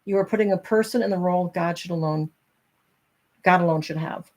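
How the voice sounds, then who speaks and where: A woman's voice: lowish voice, brisk, darkish tone. A middle-aged woman hosting a casual talk, reading from a self-help book and chatting candidly with her viewers.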